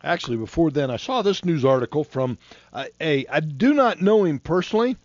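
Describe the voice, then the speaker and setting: Man in his 50s, fiery folksy preacher, higher voice, swooping wildly up and down, dull dry recording. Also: expressive, a little fast, no echo. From Florida. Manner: impassioned, folksy, heated. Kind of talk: fiery sermon.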